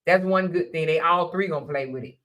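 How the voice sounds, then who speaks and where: A woman's voice: lowish voice, a little fast, a bit bright. An older woman hosting a casual live-stream talk in a Southern manner, blunt and preachy, laughing often as she speaks her mind. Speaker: live show host.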